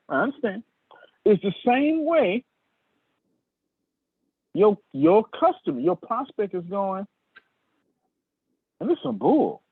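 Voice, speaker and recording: Preacher-style sales trainer, man, husky voice, wildly swinging pitch, phone-quality audio. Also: dry recording. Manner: animated, preacher-like, calls on listeners by name. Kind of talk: sermon-style sales lecture. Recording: tinny dry phone-like line.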